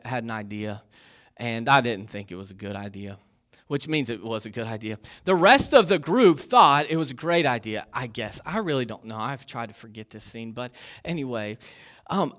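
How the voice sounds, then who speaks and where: With a medium-pitched, fairly bright voice, a young man preaches a relaxed sermon as a pastor. He's self-deprecating and jokey throughout, his speech full of fillers like um and uh.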